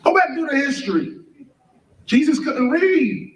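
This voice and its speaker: Speaking at a measured pace, this man has a very high, sing-song voice. He lectures to an audience, throwing out questions and spelling words letter by letter, captured from afar in a big, reverberant room.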